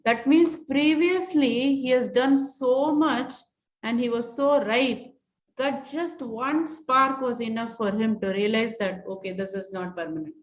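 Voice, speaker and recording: A woman teaching scripture, chanting Sanskrit verses slowly and then explaining them word by word. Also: fairly high pitch. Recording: echoey room.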